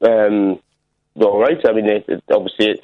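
A man's voice: on the low side, flat delivery, normal speed, dry recording. A man in his thirties on a phone line to a radio show, speaking hesitantly with many fillers.

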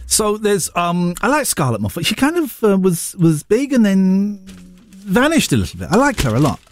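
A man's voice: high voice, wildly swooping pitch, moderate pace, over music. A man hosting a radio show, casually chatting about newspaper stories with wry asides. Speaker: radio host.

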